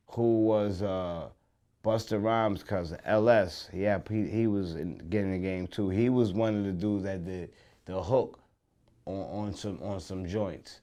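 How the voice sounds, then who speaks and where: A man's voice: fairly low pitch, darkish tone, smooth, highs cut off. A man being interviewed, recalling past events in loose, slangy speech with many restarts. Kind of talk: casual recollection.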